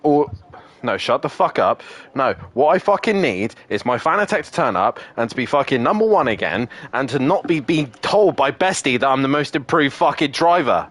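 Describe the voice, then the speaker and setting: Young guy streaming racing games, swears nonstop, pitch jumps all over the place. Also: sing-song, normal speed, fairly bright tone. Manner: sweary, ranting, frequently exasperated. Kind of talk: casual gaming chat with friends.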